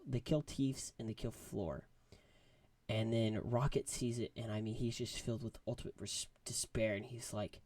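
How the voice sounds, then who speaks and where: A man giving a casual movie review, rambling and excitable, full of fillers. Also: medium pitch, no room sound.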